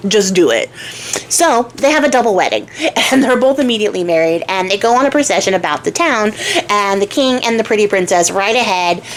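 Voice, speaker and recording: A woman's voice: medium pitch, lively intonation, a little fast, slight background noise. A woman host retelling a folk tale in a chatty, slangy way, often laughing. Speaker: craft channel host.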